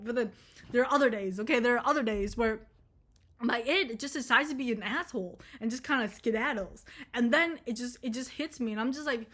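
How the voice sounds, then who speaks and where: A woman's voice: a little high, fairly quick, fairly bright tone. A young woman vlogger talking in a rambling, blunt, profane confessional monologue, full of "like" and "okay?".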